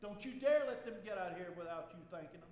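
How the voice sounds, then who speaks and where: A man's voice: high voice, animated, fast talker, a little mellow, long reverb tail. An older man preaching an earnest sermon as pastor, rising to emphatic bursts.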